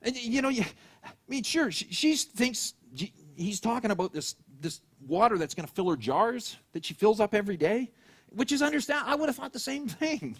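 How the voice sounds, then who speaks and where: Animated husky-voiced man preaching. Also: high voice, normal speed. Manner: storytelling, acting out quoted voices. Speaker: pastor. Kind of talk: sermon. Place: church.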